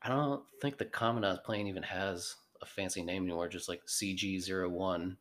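Podcast guest, male aviator, very low voice, relaxed and matter-of-fact. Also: fairly quick. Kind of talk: casual interview chat.

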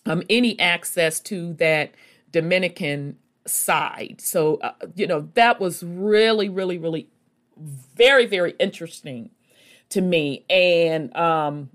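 A woman vlogger tells a long travel story to her viewers at an unhurried, drawn-out pace. Her voice sits a little low, and her talk is folksy and rambling, with endearments and side remarks all through it. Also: fairly bright tone. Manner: chatty and folksy, with endearments like baby and honey; rambling, with many fillers and asides.

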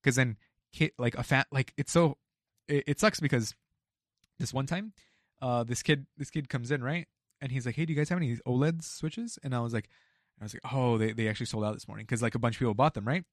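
Fast-talking young man telling a work story. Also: mid-range voice, no room sound, studio quality. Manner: animated, acts out quotes, swears freely. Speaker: retail store employee telling a work story. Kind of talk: casual storytelling chat.

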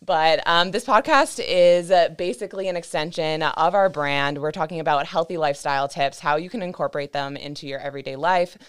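Young woman, podcast co-host, upbeat and playful, very low voice, smooth. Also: a little fast, few pauses. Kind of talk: casual chat.

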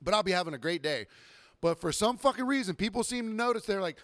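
A young man hosting a podcast, ranting profanely about bartending and customers, now and then mimicking them in a higher voice. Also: animated, fast, fairly bright tone, no room sound, clean studio sound. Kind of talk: casual podcast rant.

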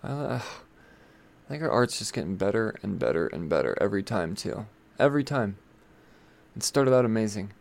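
A man's voice: fairly low pitch, expressive, normal speed, vocal fry. A man talking casually about comic books, rambling and chatty, with lots of fillers and some swearing. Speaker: comic book reviewer. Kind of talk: casual chat.

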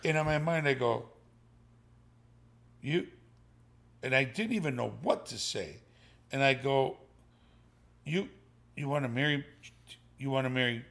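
A man's voice: medium pitch, unhurried, long pauses. An older man telling a family story in casual talk, swearing often and acting out the voices of people in it. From Sicilian family. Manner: animated, profane, acts out voices in the story.

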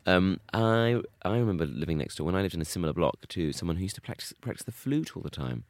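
A man's voice: sits low, expressive, quick pace, darkish tone, no room sound. A man co-hosting a podcast in casual comedic chat, dry and teasing as he riffs along with his co-host.

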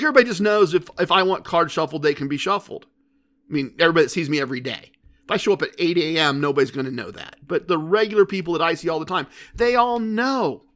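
A man's voice: sits high, fairly bright tone. A man hosting a podcast, talking casually in a chatty monologue, telling stories and asking rhetorical questions. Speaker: podcast host.

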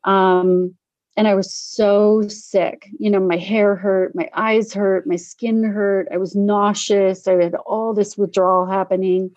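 A middle-aged woman tells a personal story in a relaxed, conversational way. She is animated and slips into the voices of the people she quotes. The recording is dull and dry. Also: medium pitch, slow, no echo. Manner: animated, acts out quoted voices, laughs often. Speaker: guest sharing recovery story. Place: Denver area.

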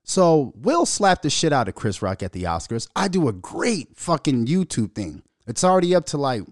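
A young adult man from Minnesota hosting a casual solo podcast, telling a story in a profane, animated way and laughing as he goes. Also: fairly high pitch, normal speed, no echo, studio quality. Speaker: podcast host.

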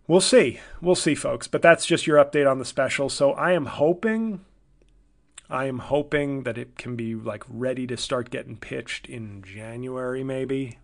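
A man's voice: medium pitch, gravelly. Rambling sardonic man hosting a podcast. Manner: rambling, self-deprecating, sardonic, profane. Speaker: comedian podcast host. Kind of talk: solo casual monologue.

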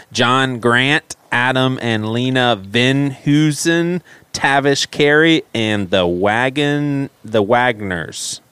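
A man's voice: medium pitch, a bit bright, smooth, no echo. A man co-hosting a podcast in casual chat, easygoing and laughing along. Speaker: podcast co-host.

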